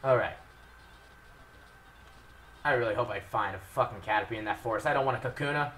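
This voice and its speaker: A young man commentating his own gameplay with heavy swearing, shifting from low mutters to loud outbursts. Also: brisk, long pauses. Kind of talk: Let's Play commentary.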